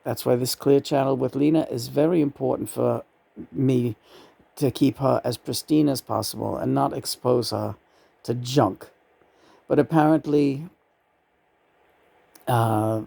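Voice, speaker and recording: A man's voice: mid-range voice, gravelly, warm tone, no room sound. A man talking in a loose, rambling way during a spirit channeling session from an apartment, cursing casually and dropping names.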